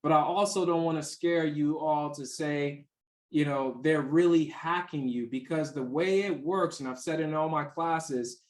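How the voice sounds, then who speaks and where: A man with a somewhat high voice explains security in a loose, conversational way, telling stories and restarting his sentences. He sounds like an instructor answering questions. His voice carries the echo of a reverberant room. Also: normal speed. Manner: chatty, anecdotal, many fillers and restarts. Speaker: cybersecurity instructor.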